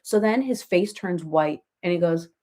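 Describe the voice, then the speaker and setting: A woman's voice: lowish voice, animated, normal speed, mellow, natural voice. A woman doing a gossipy reality-TV mom. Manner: gossipy, rambling, laughs through stories. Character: parody of a chatty reality-TV mom live-streaming. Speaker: comedian doing a parody live chat. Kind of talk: rambling live-stream chat, comic impression.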